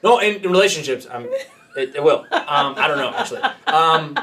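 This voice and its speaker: Man hosting a coaching podcast, animated and joking, highish, very lively pitch. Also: a little fast, recorded from a distance, a crowd in the background. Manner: animated, joking, laughs often, mock voices. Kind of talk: casual podcast banter and advice.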